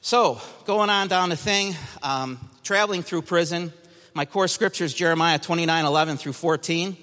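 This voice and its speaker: A man's voice: a little high, moderate pace, sharp tone, long reverb tail. A man giving an emphatic personal testimony to a church congregation, telling his story with energy.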